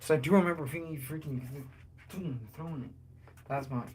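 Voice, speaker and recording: A man's voice: fairly high pitch, fairly quick, darkish tone, slight background noise. A man talking loosely on a livestream, joking and cursing as he answers chat. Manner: loose and joking, curses a lot, chats with viewers.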